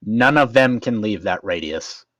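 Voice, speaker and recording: A man taking his turn in a tabletop game, thinking his moves through out loud. His voice sits low and moves around a lot in pitch. The sound is dry and close. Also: animated, measured pace, no echo. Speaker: player.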